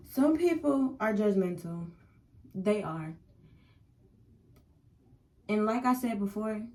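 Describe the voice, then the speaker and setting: A young woman with a medium-pitched, dark voice tells candid, rambling stories in a casual story-time vlog, recorded at low quality. She talks in slang and uses plenty of filler words.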